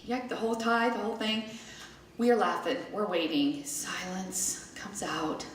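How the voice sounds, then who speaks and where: A middle-aged woman telling a personal story to a live audience in a chatty, animated way, acting out the people in it. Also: mid-range voice, unhurried. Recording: echoey room, mic at a distance, faint noise.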